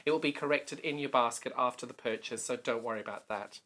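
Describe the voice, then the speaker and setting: A man's voice: mid-range voice, fast talker, pushed and bright. A man with a South African accent presenting a live TV sewing sales show, with jokey, teasing banter. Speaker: shopping channel presenter. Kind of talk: live TV selling chat.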